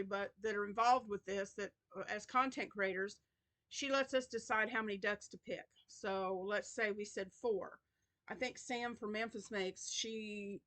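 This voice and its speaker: A woman's voice: mid-range voice, fairly bright tone. A woman hosting a crochet channel in a casual vlog, chatty and rambling with many restarts, tired and yawning.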